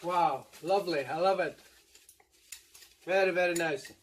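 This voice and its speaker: A man's voice: fairly high pitch, slight background noise. A man from Madeira with a Portuguese accent, hosting a casual eating video, switching between Portuguese and English and often checking in with viewers. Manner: drawn-out "mm" sounds while eating. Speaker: mukbang host.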